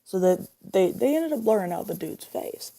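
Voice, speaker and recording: A woman's voice: medium pitch, lively intonation, moderate pace, gravelly, dark tone. A young woman ranting indignantly into her phone, swearing and repeating herself as she talks. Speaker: vlogger. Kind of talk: angry casual rant.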